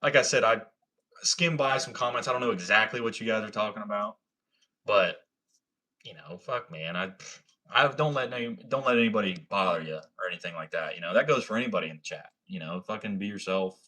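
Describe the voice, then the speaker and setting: Deep-voiced young man, laid-back streamer. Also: a little fast, pushed and bright. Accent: slight Ohio country. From Ohio, USA. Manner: laid-back, swears a lot, says man and bro. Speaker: livestreamer. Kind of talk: casual livestream chat reading comments.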